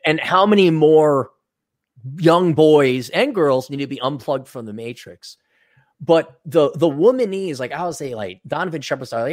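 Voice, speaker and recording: Man, podcast co-host, animated storyteller, lively pitch. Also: moderate pace, no echo, studio quality. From United States. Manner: animated, acts out quoted voices. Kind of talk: casual podcast chat.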